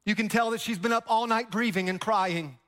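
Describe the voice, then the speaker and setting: A man's voice: sits high, a little fast, fairly bright tone. A male pastor preaching a sermon, telling a story energetically and drawing the congregation into call-and-response.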